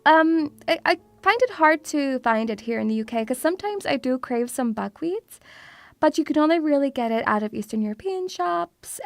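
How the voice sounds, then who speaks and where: High-voiced, teasing woman streamer. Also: a bit bright, no room sound. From Russia. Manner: teasing, playful, calls viewers sweetie. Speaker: VTuber streamer. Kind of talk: casual chat.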